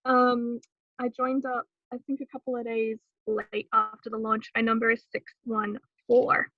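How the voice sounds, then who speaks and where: Woman from South Australia, video call, muffled dry sound, slightly high. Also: little pitch movement, measured pace, no room sound. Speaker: caller on a team video call. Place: at work.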